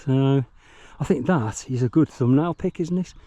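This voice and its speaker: A man's voice: medium pitch, moderate pace, warm tone, no echo. A man giving chatty, meandering commentary outdoors while out riding and reviewing a mountain bike. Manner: chatty, meandering, self-deprecating. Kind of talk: rambling ride commentary. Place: outdoors on countryside trails.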